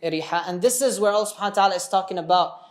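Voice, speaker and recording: A man's voice: high voice, rapid-fire. A man teaching a religious story in a casual, conversational way, often checking in with his listeners and going off on tangents.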